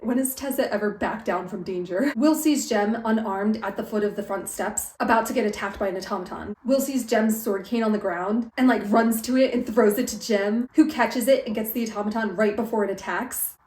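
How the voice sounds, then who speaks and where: A young woman giving a casual, lively book recap, full of "like" and quoted character lines. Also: medium pitch, fairly quick, few pauses. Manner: chatty, lively retelling with quoted character voices and frequent "like". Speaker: book vlogger. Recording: echoey room.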